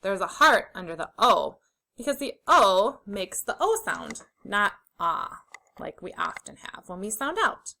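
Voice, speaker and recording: A young adult woman teaching a phonics lesson to young children, sounding out letters slowly and clearly with encouraging praise. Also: mid-range voice, big pitch swings, pushed and bright, rough recording.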